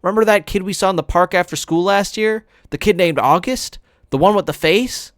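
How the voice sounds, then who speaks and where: A woman's voice: fairly low pitch, brisk, no echo, studio quality, voice pushed up, close to an everyday voice. A woman reading aloud and voicing a middle school boy who talks to his mother in an exasperated, insistent way.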